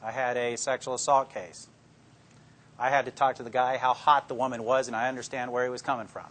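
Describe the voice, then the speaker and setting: An older man talks to law students in a lecture room, drawing on his years as a police detective. His voice is at an ordinary middle pitch and his manner is plainspoken and folksy. He slips into his own interrogation-room lines as he goes. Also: level tone, a little fast, a bit bright. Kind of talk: anecdotal talk to an audience.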